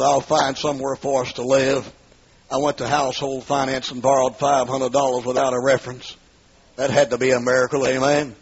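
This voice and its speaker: A man preaching his life testimony in a storytelling manner, acting out the dialogue and rising into pleading cries, from the southern United States. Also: medium pitch. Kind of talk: testimony sermon. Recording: muffled, husky lo-fi recording.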